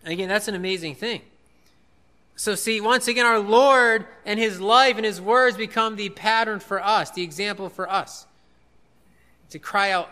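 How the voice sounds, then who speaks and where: Male preacher with a high, smooth and very sharp voice, earnest and repetitive in his emphasis. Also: normal speed. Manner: earnest, repeats key phrases for emphasis. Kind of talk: sermon.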